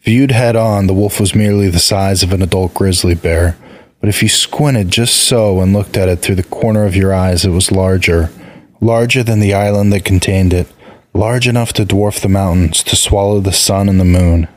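A man narrating a fantasy story in a steady, even way. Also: low-pitched, moderate pace.

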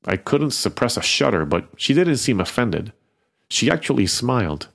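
A man reading first-person fiction in a wry, expressive storytelling manner. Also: mid-range voice, moderate pace, creaky. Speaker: narrator.

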